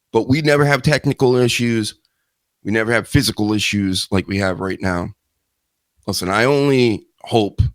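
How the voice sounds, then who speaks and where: A man's voice: fairly low pitch, a bit bright, no echo. A man hosting a live wrestling news show, talking in a rambling, joking way with self-mocking asides. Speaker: host.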